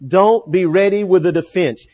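A man preaching a sermon, earnest, slowing down to stress key phrases. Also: high-pitched, darkish tone.

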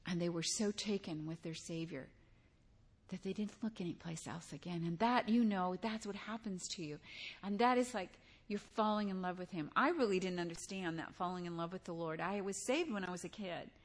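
A woman's voice: lowish voice, moderate pace. An older woman preaching a sermon in a conversational way, weaving in personal stories and asking her listeners direct questions.

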